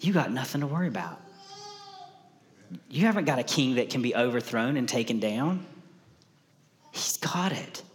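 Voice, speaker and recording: A man's voice: mid-range voice, animated, fairly quick, pauses often, in a large hall. A man preaching a conversational sermon to a congregation, often repeating key lines for emphasis. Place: church sanctuary.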